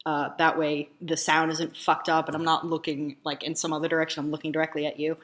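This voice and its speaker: Chatty woman with a bright voice. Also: low-pitched, flat delivery, fairly quick. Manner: rambling, lots of ums and likes. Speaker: reaction video host. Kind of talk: casual chat to camera.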